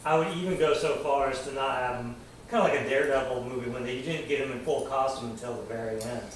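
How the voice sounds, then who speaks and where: A man's voice: mid-range voice, quick pace, a little hiss or hum. Guy arguing comic plots, far from the mic, big echo. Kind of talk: casual comic book chat. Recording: echoey room, far from the mic.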